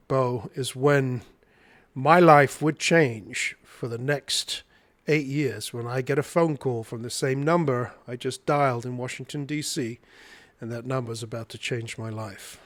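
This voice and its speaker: A middle-aged man telling a story as a podcast guest, animated and acting out the dialogue. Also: medium pitch, moderate pace. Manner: animated, acts out dialogue in his retelling. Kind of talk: storytelling interview.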